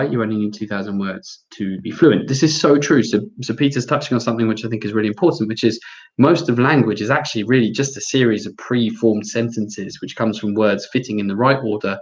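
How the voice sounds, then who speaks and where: A man with an English accent answering viewer questions in a lively, chatty live Q&A, reading each question aloud before answering. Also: on the low side, fast, muffled recording. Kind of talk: casual live Q&A.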